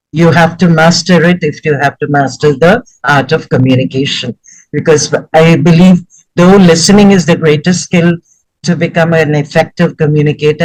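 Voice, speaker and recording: A man's voice: on the high side, dry recording, rough recording. Effusive man giving formal praise. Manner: effusive, elaborate formal wording. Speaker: session participant giving feedback. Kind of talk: formal spoken review.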